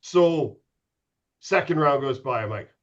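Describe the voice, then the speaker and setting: A man's voice: mid-range voice, animated, slow pace, muffled recording. A middle-aged man, a former pro goalie, telling candid, profane stories as a podcast guest. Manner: profane, candid, self-mocking. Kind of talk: casual storytelling.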